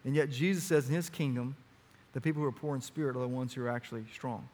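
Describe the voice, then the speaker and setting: A man's voice: medium pitch, fast talker, darkish tone. A middle-aged man preaching a sermon in a church, earnest and pressing, his voice climbing as he drives each point home. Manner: earnest, rising to emphatic urgency. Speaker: pastor.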